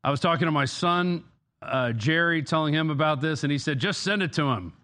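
Male studio staffer, mid-high voice, casual and hesitant. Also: pushed and bright. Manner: hesitant, halting, with fillers. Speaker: news director.

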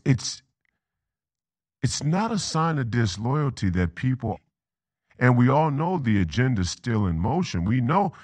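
Hosting a political talk show, this Minnesotan man speaks in a mid-range voice. His monologue of commentary wanders, full of repeats, restarts, and tangents, and there is no room sound.

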